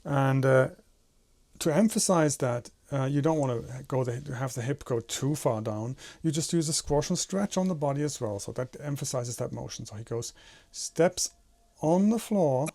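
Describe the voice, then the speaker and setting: A man's voice: medium pitch, normal speed, darkish tone. A man teaching animation in a tutorial, explaining step by step and demonstrating with his own head and hands. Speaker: animation instructor.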